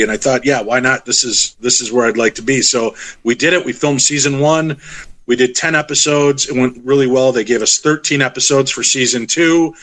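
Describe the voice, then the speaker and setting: A middle-aged man telling stories as a podcast guest, animated and acting out the voices of the people in them. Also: mid-range voice, poor audio. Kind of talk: casual storytelling.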